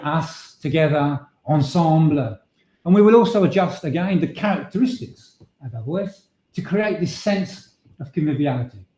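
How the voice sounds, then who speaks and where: A man's voice: on the high side, mellow. A man presenting a webinar on voice and leadership, explaining points steadily with occasional restarts. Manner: measured, explanatory, with frequent filler restarts. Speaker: voice and presentation trainer. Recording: echoey room sound.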